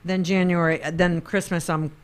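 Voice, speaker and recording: A woman comedian chatting as a guest on a talk show, halting in her speech and laughing easily. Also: on the low side, flat delivery, smooth. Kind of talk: casual chat.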